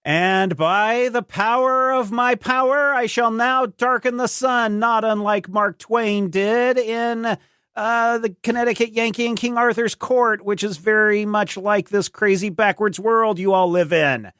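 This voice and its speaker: A man putting on a pompous young heroine who declaims with grand theatrical flourish. The voice is pitched well above his own, slow and drawn out. It sits dry and close to the mic. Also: fairly even intonation, fairly bright tone, smooth, dry recording. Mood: grandiose.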